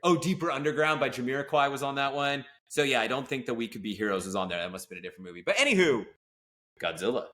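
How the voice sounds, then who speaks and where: A man chatting on a film podcast in a bright, forceful voice with a mid-range pitch. He talks with eager enthusiasm and wanders off into tangents as he goes. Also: animated, quick pace. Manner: enthusiastic, rambling, full of asides. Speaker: podcast co-host. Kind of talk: casual podcast chat.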